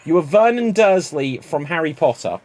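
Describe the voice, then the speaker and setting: A man's voice: on the high side, animated, moderate pace, darkish tone. A man hosting an improv livestream, chatting in a rambling way with plenty of fillers. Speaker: improv show host.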